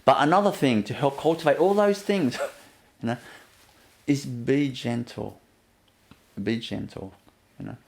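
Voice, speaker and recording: A man giving a gentle inspirational talk as a spiritual teacher, often laughing softly and leaning on "you know" as he repeats himself. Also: mid-range voice, unhurried, gravelly. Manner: repetitive, fills with "you know".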